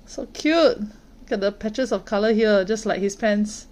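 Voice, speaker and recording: A woman hosting a toy unboxing, gently narrating and reacting with delight to each figure as she unwraps it. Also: mid-range voice, unhurried. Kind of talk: unboxing narration, soft ASMR-like. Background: plastic crinkling and clicks from handling toys.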